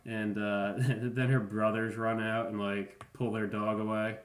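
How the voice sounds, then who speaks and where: A man in his thirties, a podcast host rambling through a casual comedic monologue with a deadpan, offhand manner and profane asides. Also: on the low side, unhurried, echoey room. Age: 30s.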